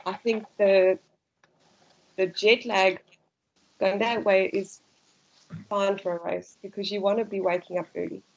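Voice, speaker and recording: A woman's voice: mid-range voice, little pitch movement, unhurried, vocal fry, long pauses, highs cut off. A South African woman, a guest runner, chatting casually and telling stories with frequent laughs. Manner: chatty storyteller, laughs often. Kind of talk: casual podcast chat.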